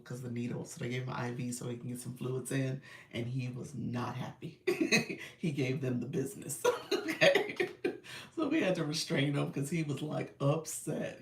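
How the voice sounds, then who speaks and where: A middle-aged woman hosting a casual live stream, congested and clearing her throat, chatting and laughing with her viewers. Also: rumbling low, reverberant, far from the mic. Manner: chatty, laughs often, addresses viewers as y'all. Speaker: live stream host and creator coach.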